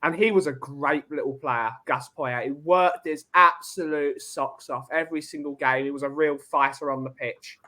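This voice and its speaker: Bright-voiced young man reminiscing. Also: on the high side, steady tone, normal speed, hardly any pauses. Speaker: podcast guest. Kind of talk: casual chat.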